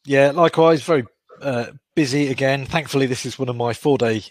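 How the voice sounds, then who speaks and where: A man's voice: medium pitch, brisk, dry recording. A middle-aged man from Wales with a Birmingham accent, a dentist co-hosting a casual chat in a jokey, self-mocking way. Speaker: dentist, podcast co-host.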